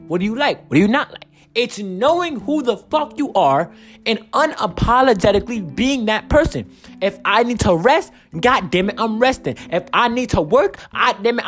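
A young man talks into his own podcast in a loose, rambling monologue, swearing freely and sounding worn out. His pitch swings widely as he gets worked up. Faint guitar music sits underneath his voice. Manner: profane, rambling, animated. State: tired. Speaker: podcast host. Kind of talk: casual solo podcast monologue.

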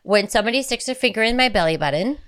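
A woman's voice: fairly high pitch, lively intonation, fast, fairly bright tone, clean tone. A woman in her thirties co-hosting a podcast, chatting in a rambling, giggly and frank, crude way. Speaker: podcast co-host. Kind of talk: casual chat.

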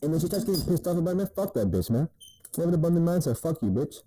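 Dark-voiced, profane man giving dating advice. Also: a little high, big pitch swings, very fast, slightly rough, low-quality recording. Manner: crude, profane, repeats "man" often. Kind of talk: casual monologue advice.

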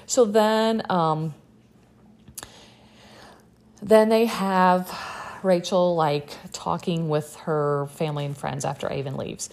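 Young woman, low and gravelly, sarcastic chatty recap host. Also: unhurried, darkish tone. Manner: chatty and sarcastic, many fillers. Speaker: podcast host recapping a reality show. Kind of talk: casual chat.

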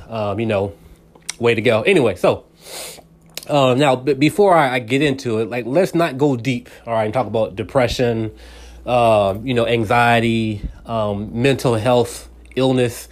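A man hosting his own talk show, speaking earnestly and directly to the listener in a casual, rambling way with many restarts. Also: mid-range voice. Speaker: radio show host.

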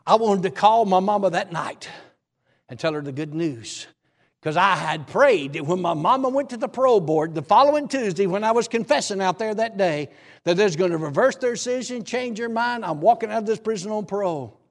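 Male preacher, gravelly, folksy and animated, breaks into shouts; long hall reverb. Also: high voice, a little fast. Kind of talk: sermon testimony.

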